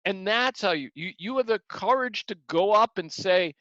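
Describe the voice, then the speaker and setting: A man's voice: high-pitched, moderate pace, few pauses, sharp tone, dry recording. A man teaching a martial arts class, talking earnestly and repeating words as he acts out examples. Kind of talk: motivational class talk. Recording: dull lo-fi sound.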